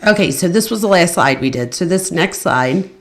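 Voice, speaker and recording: A woman with a low voice and a gravelly edge talks straight to her livestream viewers from a home setup. Her delivery is loose and chatty, full of asides and "you guys." It sounds like a casual live commentary stream. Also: expressive, moderate pace. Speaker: true crime commentary host.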